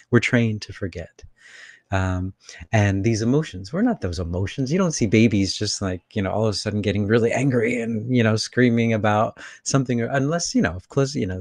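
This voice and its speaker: Low-voiced man rambling casually. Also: no room sound. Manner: rambling, many "you know" fillers, animated bursts. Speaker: spiritual channeler hosting a live session. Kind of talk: casual spiritual talk. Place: his room with air conditioner on.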